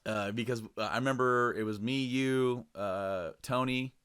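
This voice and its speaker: A man's voice: medium pitch, steady tone, a little slow, fairly bright tone, smooth. A man co-hosting a podcast, chatting casually and rambling with lots of fillers and restarts. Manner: rambling, loose, many fillers. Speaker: podcast co-host. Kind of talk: casual chat.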